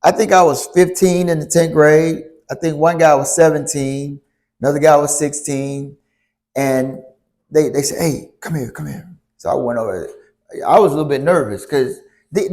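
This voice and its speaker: A man telling a story to a church youth group, animated, stopping to ask the audience questions. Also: a little high. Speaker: youth speaker.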